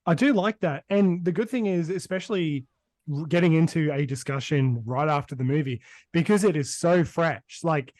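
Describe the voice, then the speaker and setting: Brisbane-accented male co-host, rambling and casual, a bit high-pitched, dry sound. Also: normal speed, darkish tone, no room sound. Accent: Brisbane Australian. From Australia. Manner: rambling, many fillers. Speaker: podcast co-host. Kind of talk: casual chat.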